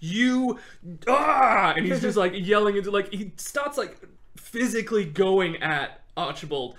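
A man hosting a podcast, telling a history story in an animated, casual way and laughing often. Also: high-pitched, moderate pace. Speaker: podcast host.

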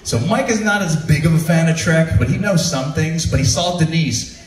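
A male comedian telling stand-up stories in an animated way, often laughing at his own material. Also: a little high, normal speed. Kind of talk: stand-up storytelling. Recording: roomy, from far off.

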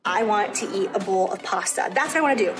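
A woman's voice: medium pitch, lively intonation, quick pace, background noise. A woman vlogging in a gushing, confessional way, emphatic about how she feels. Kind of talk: personal vlog talk.

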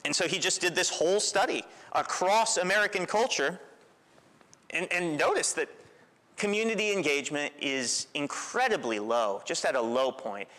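A man preaching a sermon in a relaxed, storytelling way, with self-deprecating humor. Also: a little high, normal speed. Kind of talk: conversational sermon. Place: church sanctuary. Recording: long church reverb.

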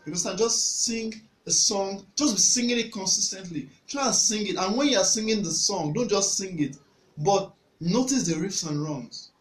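A man's voice: high voice, normal speed. A young man gives a casual spoken music lesson, earnest and repeating his points, sometimes singing short examples. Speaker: music tutor. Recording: echoey room with faint hum.

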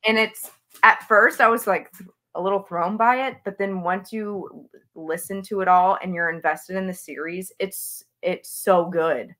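A woman's voice: medium pitch, steady tone, moderate pace, pushed and bright. A woman author chatting as an interview guest, talking with gushing enthusiasm about books she loves. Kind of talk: casual interview chat.

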